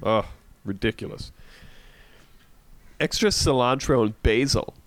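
A man's voice: mid-range voice, a little slow, no echo. An Australian man co-hosting a casual comedic chat, telling stories with plenty of swearing and jokes. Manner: sweary, jokey storyteller. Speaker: podcast co-host.

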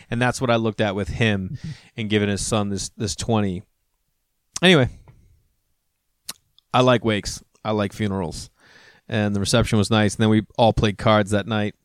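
A man's voice: fairly low pitch, dry recording, clean studio sound. A middle-aged man hosting a podcast, telling rambling personal stories full of fillers and restarts. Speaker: podcast host. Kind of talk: casual chat with read ad.

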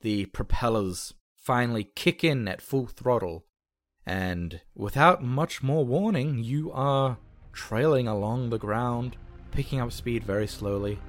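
A man's voice: mid-range voice, a little slow, soft background music. A man narrating a tabletop role-playing game as game master, describing scenes vividly with some hesitant restarts.

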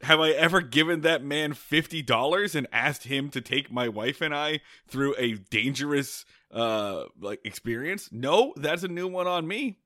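A man's voice: fairly high pitch, lively intonation, unhurried, few pauses, pushed and bright, no echo, clean studio sound. A man co-hosting a casual podcast, telling a rambling story with many restarts and laughs. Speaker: podcast co-host.

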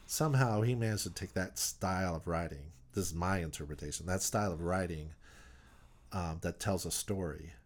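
Man, lowish voice, musician guest, rambling casual interview talk, lots of "like". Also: normal speed. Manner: animated, rambling, many "like"s and restarts.

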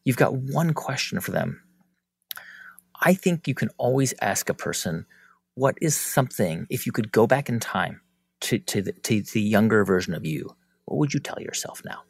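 A man answering interview questions in a relaxed conversational way, telling anecdotes expressively. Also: fairly low pitch, moderate pace, vocal fry, slightly rough, no room sound, clean studio sound. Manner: animated, expressive storytelling. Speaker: guest, interviewer of founders.

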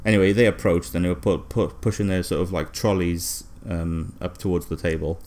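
A man, co-hosting a comedy podcast, telling an absurd story deadpan with lots of fillers and hesitation. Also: deep voice, fairly quick. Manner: rambling, hesitant, many fillers. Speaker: podcast co-host.

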